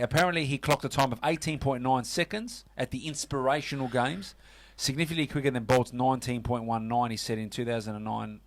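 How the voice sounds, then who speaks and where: A man's voice: medium pitch, no echo. A man with an Australian accent hosting a casual sports radio show, chatty and full of fillers. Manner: chatty, lots of fillers and "mate".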